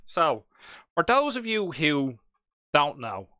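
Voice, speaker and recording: Bright, chatty Dublin man. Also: a little high, big pitch swings, slow pace, no echo, studio quality. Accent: Irish, Dublin. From Ireland. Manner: chatty, jokey, reads chat aloud. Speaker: hobby stream host. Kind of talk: casual live-stream chat.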